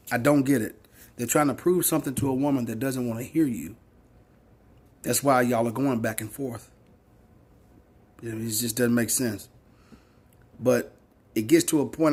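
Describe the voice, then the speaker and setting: Husky blunt-talking man in his forties. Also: mid-range voice. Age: 40s. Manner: blunt, preachy, repeats points for emphasis, swears. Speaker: social media commentator. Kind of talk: opinion monologue to camera.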